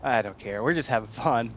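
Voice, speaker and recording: A man giving excited, casual commentary over his own gameplay, out of breath, laughing often and talking to himself as the action swings. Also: medium pitch. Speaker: gaming streamer.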